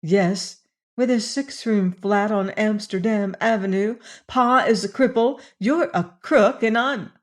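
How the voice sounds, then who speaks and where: A woman voicing a bitter, tearful young woman in an audiobook, her speech emotional and halting. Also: medium pitch, pitched above the performer's own voice, close to an everyday voice. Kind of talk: audiobook character voice.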